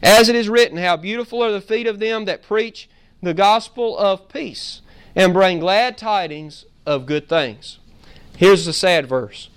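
A man's voice: high voice, measured pace, clear, resonant tone. A man preaching a sermon as pastor, quizzing the congregation with questions he answers himself, asking "Amen?" and reading scripture in old biblical wording. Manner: builds from calm to emphatic.

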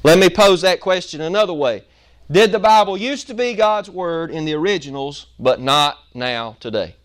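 Preacher with a smooth voice. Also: male voice, a little high, expressive. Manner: repeats and stresses key words, pausing for emphasis. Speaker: pastor. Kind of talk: sermon. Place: church sanctuary.

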